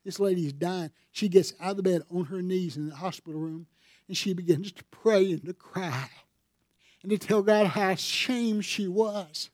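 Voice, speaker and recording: A man's voice: sits high, moderate pace, darkish tone, dry recording, clean studio sound. A man preaching a sermon as pastor, telling stories in a folksy way and building to fervent emphasis.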